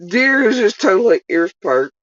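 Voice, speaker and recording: A woman's voice: mid-range voice, sing-song, moderate pace, fairly bright tone, no echo, muffled recording. A woman telling a casual story on a livestream, rambling, laughing and swearing freely.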